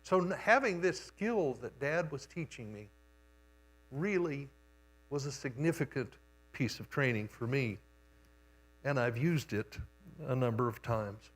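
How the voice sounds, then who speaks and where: A man's voice: medium pitch, lively intonation. Older male preacher, homespun storyteller, leisurely pace. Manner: unhurried, homespun storytelling with pauses. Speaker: guest preacher. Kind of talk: storytelling sermon. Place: church sanctuary.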